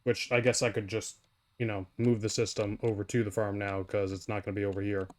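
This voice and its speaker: A man's voice: lowish voice, flat delivery, fairly quick. A man livestreaming a game, chatting casually and rambling to his viewers while he plays. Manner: rambling, talks to chat while playing. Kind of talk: casual live gameplay chat.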